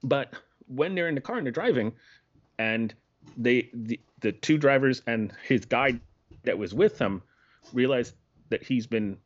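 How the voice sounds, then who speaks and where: This podcast co-host has a mid-range voice and speaks a little slowly while casually talking about a film. Rambling and often laughing, he leaves sentences unfinished. The audio is dull and lo-fi.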